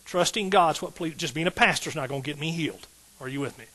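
A man's voice: fairly high pitch, quick pace, bright, forceful tone, husky, low-quality recording. A middle-aged man, a pastor preaching a sermon in an emphatic call-and-response style with rising outbursts.

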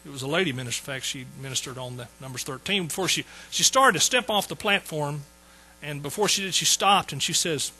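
A man's voice: fairly high pitch, fairly quick, bright, forceful tone, slightly rough, low-quality recording. A man in his sixties telling his conversion story in a folksy sermon, repeating phrases for emphasis. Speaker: preacher. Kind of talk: sermon testimony.

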